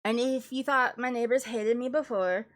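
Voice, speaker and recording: A young woman streamer and classical singer chatting casually and jokingly while doing vocal warm-ups. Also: a little high, fairly even intonation, normal speed. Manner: joking, self-deprecating, chatty.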